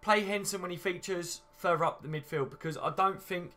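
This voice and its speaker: A fan channel host runs a casual live stream, bantering easily and reading viewer comments aloud. His voice is high, bright, and forceful, and he talks fairly quickly.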